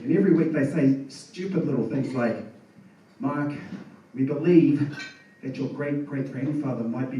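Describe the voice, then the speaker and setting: A man doing stand-up in a bar, in a laid-back, storytelling way. His voice sits a bit high for a man and comes from well off the mic. The room rings with heavy echo, and faint bar noise runs underneath. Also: a little mellow. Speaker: stand-up comedian. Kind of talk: stand-up comedy. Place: comedy bar stage. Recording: echoey bar room from far off.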